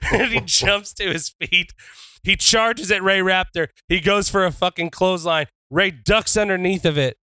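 A man narrates his wrestler's moves during a tabletop game, in a bright, slightly high voice. He talks in a playful way, with plenty of swearing. The sound is dry and close. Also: a little slow, clear, resonant tone, no room sound. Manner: profane, playful, switches into shouted wrestler taunts.

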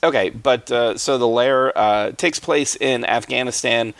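A man's voice: medium pitch, a little slow, fairly bright tone, dry recording. A man hosting a movie podcast in casual chat, rambling with plenty of fillers and frequent chuckles. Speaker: podcast host.

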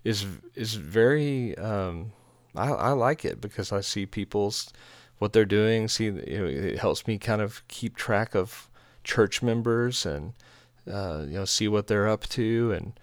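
A man's voice: on the low side, unhurried, few pauses, no room sound, clean studio sound. A man from Texas, a pastor, chatting casually and telling rambling, self-deprecating stories. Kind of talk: casual chat.

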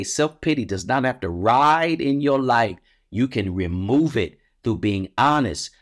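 A man hosting a devotional podcast, preaching emphatically, with repeated phrases and big swings in pitch. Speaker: podcast host.

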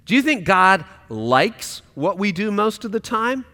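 Impassioned preacher in a reverberant hall. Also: male voice, sits high, sing-song, measured pace. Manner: impassioned, swings from loud to hushed. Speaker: pastor. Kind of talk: sermon.

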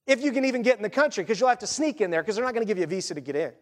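Male preacher, very high-pitched, chatty and needling, sermon recorded in an echoing sanctuary. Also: rapid-fire. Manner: animated, conversational, sarcastic rhetorical questions. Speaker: pastor. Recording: long reverb of a church hall.

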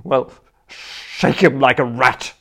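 A man voicing a large, cowed bully in an audiobook reading, hushed and sulky, at times half-whispered. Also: mid-range voice, slow pace.

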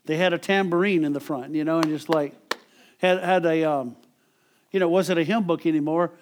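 Middle-aged male preacher, conversational sermon delivery, a little high-pitched, chuckles between points. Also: steady tone, fairly quick, a little hiss or hum. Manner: conversational, repeats and restarts words, chuckles often.

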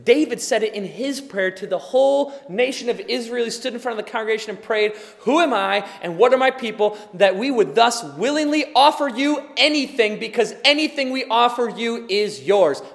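A man preaching a sermon as pastor, impassioned and building to emphatic, forceful delivery. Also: very high-pitched, animated, normal speed, creaky, few pauses, long reverb tail.

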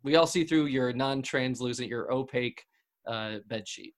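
A man's voice: medium pitch, moderate pace, close to an everyday voice. A man playing a flustered, apologetic talk-show doctor who stammers and restarts constantly, hosting an improvised comedy podcast. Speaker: host.

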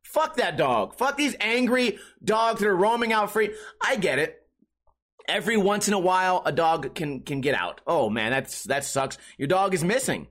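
A man's voice: sits high, lively intonation, moderate pace, fairly bright tone. A young man hosting a podcast, telling a story in a profane, exasperated rant. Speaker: podcast host. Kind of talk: casual podcast monologue.

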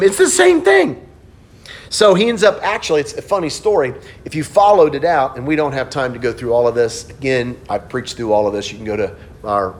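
A middle-aged man preaches as a pastor, weaving in stories. His delivery shifts between soft, low passages and energetic outbursts.

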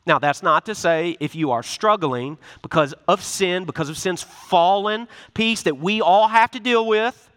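A man preaching with a high, bright, forceful voice, talking casually and playfully acting out small scenes. His words carry a long reverb off the walls of a church hall. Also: a little slow. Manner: animated, conversational preaching with acted-out asides. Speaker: pastor. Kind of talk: sermon.

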